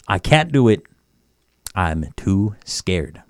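A man leads a relaxed language lesson over a studio mic, sounding each phrase out slowly and often. His pitch swings widely as he goes, and the sound is close and dry with no room around it. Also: no echo. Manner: repeats phrases slowly, chuckles often, chatty asides. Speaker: language teacher on a community radio show.

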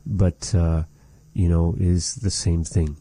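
A man teaching a language lesson, measured and repeating phrases to model how they are said. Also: deep voice, flat delivery, mellow, no echo.

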